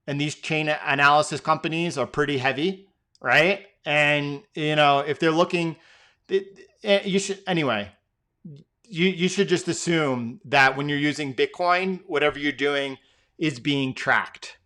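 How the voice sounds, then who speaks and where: A man hosting a live trading session, reading out viewer questions and answering them off the cuff. His voice is bright and crisp. He rambles, restarts sentences and fills the gaps with filler words. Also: on the high side, measured pace. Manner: loose and rambling, many fillers and repeated words. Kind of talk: casual live-stream Q&A.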